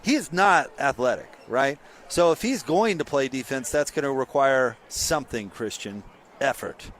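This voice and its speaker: A man's voice: medium pitch, normal speed. Blunt, ranting male sports radio host. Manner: blunt, sarcastic, animated ranting. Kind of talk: opinionated sports talk.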